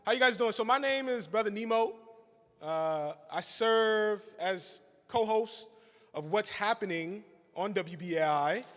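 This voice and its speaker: In a reverberant church hall at a live event, a male radio co-host gives a rousing fundraising speech and tells a story, with call-and-response from the crowd. His voice is high, a bit bright, and a little slow.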